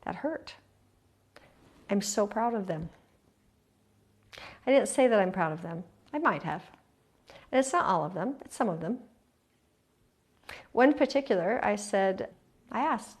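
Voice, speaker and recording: A middle-aged woman host talking earnestly and confessionally to listeners about her own life, sometimes dropping to a soft hush. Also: medium pitch, lively intonation, a little slow, pauses often, breathy edge. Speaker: podcast host. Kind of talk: heartfelt personal talk to listeners.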